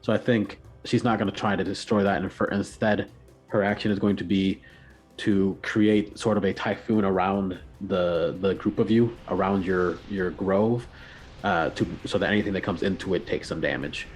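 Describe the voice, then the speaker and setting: A man narrating as game master, relaxed and pausing often with fillers. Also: sits low, faint music behind. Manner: relaxed, with frequent filler pauses.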